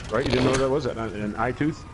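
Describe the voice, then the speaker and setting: A man's voice: mid-range voice, quick pace, a little hiss or hum, rough recording. A man in his forties co-hosting a casual gaming podcast, telling long stories with constant swearing and many restarts. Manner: profane, rambling storyteller. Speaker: podcast co-host. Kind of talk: casual chat while gaming.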